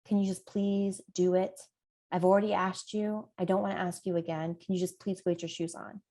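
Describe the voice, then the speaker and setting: A woman playing a mother gently urging her child to stop and move on. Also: lowish voice, little pitch movement, brisk. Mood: pleading. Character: coaxing mother at home.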